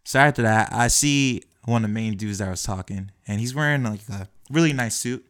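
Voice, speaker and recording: A young man animatedly telling a personal story, acting out the quoted lines of the people in it. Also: fairly low pitch. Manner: acts out quoted dialogue, quick and lively. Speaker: guest telling his story.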